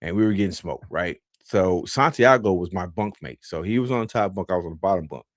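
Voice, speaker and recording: Low-voiced guy telling a story on his podcast, laid-back, lots of ums, dry close mic. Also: animated, a little fast, no room sound. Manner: rambling, laid-back, with many fillers. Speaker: podcast host. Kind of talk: casual storytelling.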